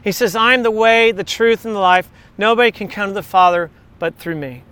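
A man's voice: sits high, brisk, bright, forceful tone, smooth. A man preaching a sermon in a conversational way, telling stories and asking rhetorical questions. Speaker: pastor.

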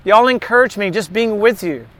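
A middle-aged man with a high, fairly bright voice leads a Bible study at a moderate pace. His informal sermon is conversational, repeating key words and slipping in jokes.

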